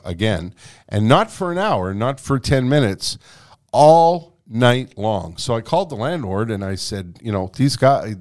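Man, casual storytelling, lively swooping pitch, acts out the dialogue, swears, laughs. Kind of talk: casual anecdote telling.

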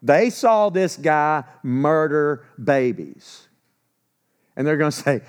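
Male pastor, slightly high voice, animated storyteller who voices the people in his stories. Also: takes it slowly, clean tone. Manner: animated storytelling, acting out quotes; conversational, self-correcting. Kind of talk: sermon.

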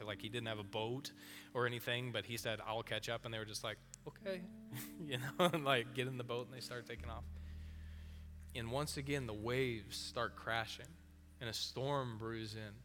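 Bright-voiced preacher in a reverberant hall. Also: male voice, medium pitch, slight background noise. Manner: animated storytelling, acting out voices. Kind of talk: sermon. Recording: long hall reverb with faint music.

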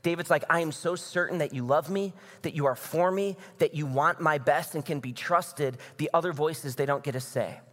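A man from the American Midwest preaching a conversational sermon as pastor, building to emphatic, energetic passages. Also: a little high, moderate pace, hardly any pauses. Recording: long reverb of a large hall.

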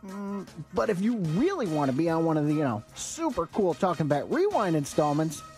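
A man's voice: fairly high pitch, sing-song, a little fast, a little mellow, faint music behind. A man announcing a radio segment in a breezy, playful way. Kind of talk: scripted radio segment hosting.

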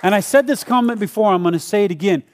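A man's voice: high-pitched, fast, a faint crowd. A middle-aged man, a pastor, talking casually and jokingly to his congregation about giving, acting out short prayers. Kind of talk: church giving talk to a congregation. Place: church service before a live congregation.

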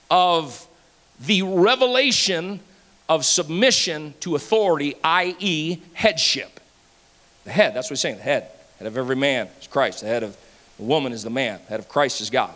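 A pastor preaching a sermon, animated and playful, swinging between loud passages and hushed asides. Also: male voice, a little high. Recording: hall reverb.

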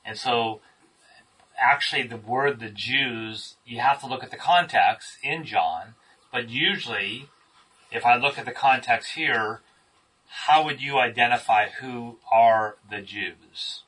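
A man's voice: medium pitch, slow pace, sharp tone, distant mic, a little hiss or hum, poor audio. A man leading a group Bible study, asking questions and praising the answers he gets. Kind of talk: interactive Bible study teaching.

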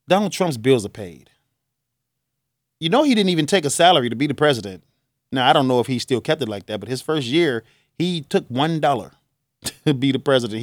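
Chicago radio guy, middle-aged, choked up and rambling, mid-pitch, dead dry sound. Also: no room sound. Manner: earnest, grieving, rambling with restarts. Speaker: radio host. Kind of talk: emotional talk-show monologue.

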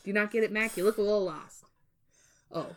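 A woman's voice: medium pitch, fast talker. A young woman hosting a podcast while drunk, giggly and rambling as she retells a story and trips over her words. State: drunk, slurring a little. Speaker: podcast host.

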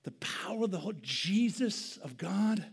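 A man preaching a sermon in a church, dropping to hushed near-whispers and then rising to loud, impassioned bursts, repeating and restarting his words. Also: high-pitched, lively intonation, normal speed, vocal fry, husky. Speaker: pastor. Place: church sanctuary.

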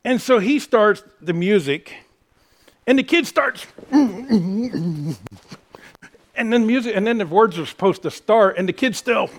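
A man's voice: high-pitched, animated, unhurried. A middle-aged man preaching a sermon as pastor, mixing self-mocking jokes with praise.

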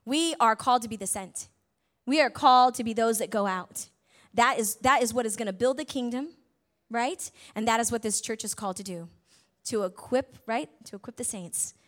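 A woman preaching a sermon, retelling a story in a conversational way, full of tag questions and big swings between loud and soft. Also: a little high, normal speed.

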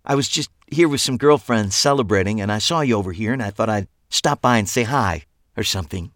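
A man doing a brisk, awkward landlady. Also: fairly low pitch, fairly bright tone, no echo, studio quality, pitched above the performer's own voice, close to an everyday voice. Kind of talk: audiobook character voice.

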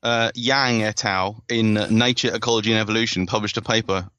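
Man, podcast host, bright voice, enthusiastic, dry close sound. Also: fairly low pitch, steady tone, a little fast, no echo. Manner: enthusiastic, laughs often, rambles through paper details. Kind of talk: casual science podcast chat.

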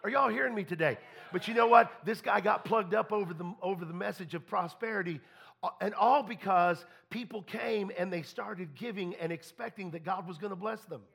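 A preacher, a man with a high voice that is gravelly and husky at once. He tells his story in a folksy way, stumbling over restarts and acting out both sides of every conversation in church. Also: brisk, fairly bright tone. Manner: folksy, repeats and restarts, quotes people in dialogue. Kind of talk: storytelling sermon.

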